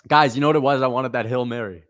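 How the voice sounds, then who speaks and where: A man's voice: mid-range voice, steady tone, fast, fairly bright tone, no echo, studio quality. A young man hosting a livestream, reacting and reading chat messages, frustrated and swearing, repeating himself as he vents.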